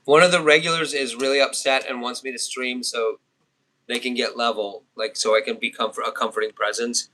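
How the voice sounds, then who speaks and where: A man's voice: medium pitch, steady tone, fairly quick, bright, forceful tone. A man in his fifties chatting casually on a live stream, laughing often and answering chat comments. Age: 50s. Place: home, near a trailer.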